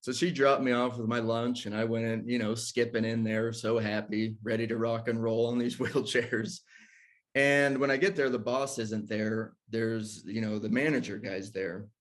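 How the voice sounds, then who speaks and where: Animated man telling a personal story. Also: mid-range voice, normal speed. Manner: animated storyteller who acts out quotes and laughs between lines. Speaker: ministry discussion guest telling a personal story. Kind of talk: casual storytelling.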